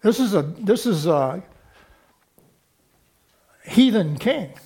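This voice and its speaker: A man with a high-pitched voice preaches a sermon. He teaches from scripture in a conversational way, often stopping to check in with the congregation through short questions. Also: sing-song, slow pace, a little mellow, slightly rough. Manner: teaching, with frequent rhetorical check-ins to the congregation.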